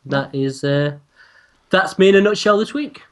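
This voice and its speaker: A man's voice: sits high, lively intonation, moderate pace, fairly bright tone. A man with an English accent co-hosting a gaming podcast, giving his earnest opinion on a game. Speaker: podcast co-host. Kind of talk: casual podcast chat.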